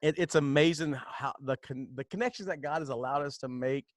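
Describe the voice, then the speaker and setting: A man's voice: on the high side, a little fast, dry recording, studio quality. A man hosting a casual podcast chat, rambling with many fillers and restarts and laughing often. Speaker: podcast host.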